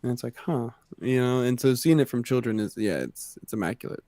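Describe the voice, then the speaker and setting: A man co-hosts a casual podcast, musing thoughtfully and hedging as he goes. His voice is mellow and warm. The sound is dry and close. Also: mid-range voice, a little fast, no echo. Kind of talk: casual chat.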